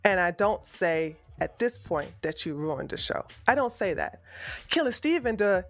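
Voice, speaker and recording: A woman hosting a political livestream, ranting and arguing in a combative, profane, often shouting way. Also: lowish voice, big pitch swings, normal speed, soft background music. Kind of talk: heated livestream rant.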